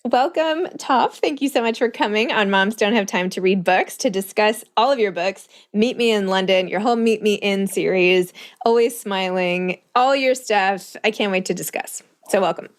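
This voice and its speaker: A woman's voice: mid-range voice, normal speed. A woman hosting a podcast interview, enthusiastic and chatty, who often says "like". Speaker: podcast host.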